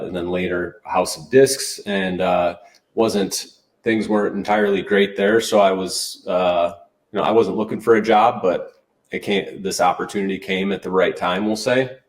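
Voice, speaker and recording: Man, low voice, podcast guest, rambling upbeat chat, echoey room, sits back from the mic. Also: unhurried. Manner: rambling, restarts often, upbeat. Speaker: podcast guest, brand manager. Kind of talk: casual interview chat. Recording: roomy, distant mic.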